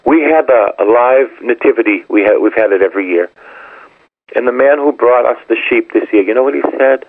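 An older male priest preaches with a gravelly, husky voice, repeating his points with building emphasis. The sound is thin and phone-like, as if from a radio broadcast. The recording is dry, with no room echo. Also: mid-range voice, brisk. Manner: emphatic, repetitive preaching, rising to exclaim. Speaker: parish priest. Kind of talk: sermon.

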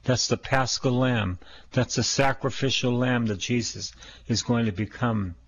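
A man's voice: medium pitch, unhurried, lo-fi sound. A man preaching a sermon as a priest, emphatic, repeating phrases and putting questions to his listeners.

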